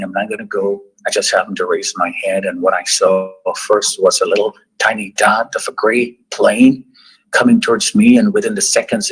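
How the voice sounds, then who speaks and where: A middle-aged man recounting a personal survival story in slow, halting sentences with long pauses. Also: on the low side, husky, low-quality recording. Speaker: survivor giving a testimony. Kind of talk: personal story told to students.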